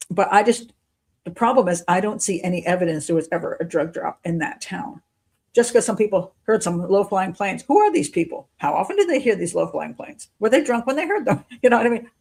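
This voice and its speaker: A woman streaming live commentary, reasoning out loud in loose, unscripted talk. She questions claims with a skeptical edge, restarts her sentences, and breaks into frequent chuckles. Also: mid-range voice. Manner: thinks aloud, restarts sentences, chuckles often. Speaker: criminal profiler hosting a live show.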